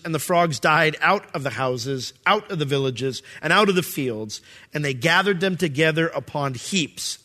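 A male pastor delivers a conversational sermon, reading scripture aloud and posing rhetorical questions to his listeners. His voice sits slightly high and sounds bright and forceful.

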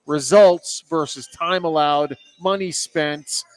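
Guy cohosting a hockey show, jokey and chatty, kinda high voice. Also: takes it slowly. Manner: joking, teasing banter. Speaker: co-host. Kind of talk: casual sports talk.

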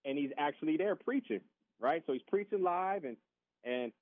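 A man telling a casual, animated story as a podcast guest, acting out the voices of other people and often repeating his words. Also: a little high, normal speed, no room sound. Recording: tinny phone-line sound.

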